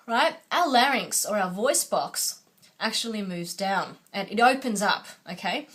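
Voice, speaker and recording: Woman vocal coach with a higher voice. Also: fairly bright tone. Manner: patient, instructive, checks in with "okay?". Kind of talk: singing lesson.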